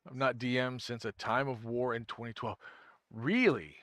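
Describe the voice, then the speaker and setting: A man live-streams a game, chatting casually with viewers, answering chat, and thinking aloud in a rambling way, often restarting his sentences. His medium-pitched voice has fairly even intonation and a moderate pace, sounding a bit bright in clean studio audio with no echo.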